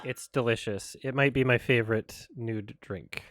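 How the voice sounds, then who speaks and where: A man talks over a show he is watching, tossing off dry, sarcastic remarks in a mumbled, offhand way. His voice has a bright, edgy tone, and the close mic sits in a dry room with no echo. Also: mid-range voice, moderate pace. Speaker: host reacting to a show. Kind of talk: casual watch-along commentary.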